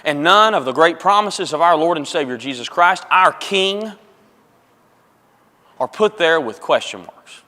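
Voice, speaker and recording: Emphatic preacher in a reverberant church. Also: male voice, a little high, expressive, measured pace, pushed and bright. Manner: emphatic, repeats phrases for stress, addresses congregation as folks. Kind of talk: sermon. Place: church auditorium. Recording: long reverb of a church hall.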